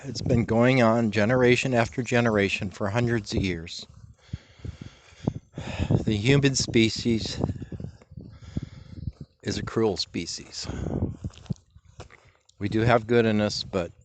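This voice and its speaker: A man vlogging outdoors on a trail, tearful and emotional, talking in a halting, heartfelt way with pauses and restarts. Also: on the low side, noisy background. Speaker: motorcycle travel vlogger. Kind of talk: emotional reflective monologue.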